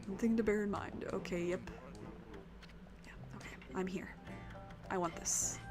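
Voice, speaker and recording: A woman with a rough, worn throat, chatting casually with her viewers while streaming a video game, rambling and swearing now and then. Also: medium pitch, fairly even intonation, moderate pace, over music.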